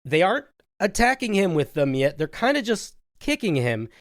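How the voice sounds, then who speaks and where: A man's voice: high voice, sing-song, normal speed, no echo, studio quality. A man hosting a tabletop game podcast, narrating scenes and reading announcements in an upbeat, chatty way. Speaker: game master and host.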